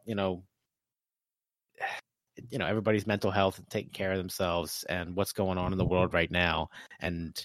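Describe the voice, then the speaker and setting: A man's voice: on the low side, no room sound. A man co-hosting a podcast, speaking in a hesitant, reflective way with many restarts. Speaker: podcast co-host. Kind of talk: casual chat.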